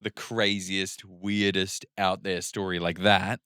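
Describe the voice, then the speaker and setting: Bright, smooth low-voiced podcast man. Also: level tone, slow, no room sound, studio quality. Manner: laid-back, brief agreeing replies. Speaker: podcast co-host. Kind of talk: casual chat.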